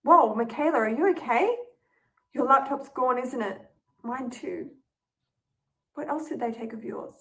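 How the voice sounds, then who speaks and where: A woman's voice: sits high, expressive, measured pace, pauses often, distant mic, rough recording. A woman voicing an anxious young woman housemate who asks urgent, caring questions. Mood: worried.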